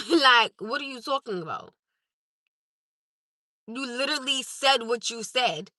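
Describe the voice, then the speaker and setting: Bright high-voiced woman livestreamer. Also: animated, a little slow, dry recording. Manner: emphatic, insistent, repeats points. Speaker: livestream host. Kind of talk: live stream chat with viewers.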